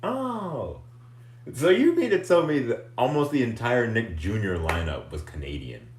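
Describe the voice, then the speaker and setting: A man hosting a livestream in casual chat, goofy and animated, laughing often. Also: medium pitch, unhurried, roomy sound, slight background noise. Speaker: livestream host.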